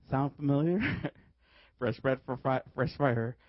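A man from Chicago, a guest preacher, tells his testimony in a sermon with animated storytelling and frequent laughs. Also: on the high side, unhurried, dry recording. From Chicago, USA. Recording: dull dry recording.

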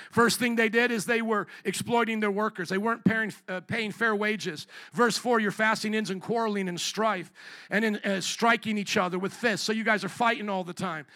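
A man preaching a sermon, animated, rising to shouts and calling for amens from the congregation. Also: high voice. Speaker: pastor.

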